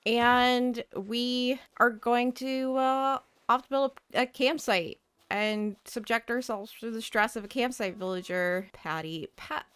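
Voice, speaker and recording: A woman's voice: fairly high pitch, unhurried, a bit bright, clean tone, dry recording. A young woman giving playful, chatty, self-mocking commentary while playing a life-sim game. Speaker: gaming creator. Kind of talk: casual gameplay commentary.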